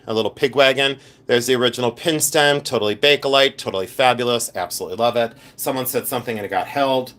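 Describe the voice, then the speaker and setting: A man chats to his live-stream viewers in a loose, campy, animated way, reacting to their comments as he talks. His voice is bright and forward, pitched in the middle for a man. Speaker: podcast host and jewelry collector. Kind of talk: casual live-stream chat.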